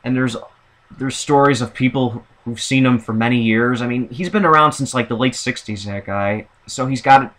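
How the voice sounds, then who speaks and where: A man chats through a casual, opinionated vlog monologue, rambling and circling back with frequent fillers. His voice sits at an average male pitch and carries a bright, forward tone. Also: normal speed. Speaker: vlogger.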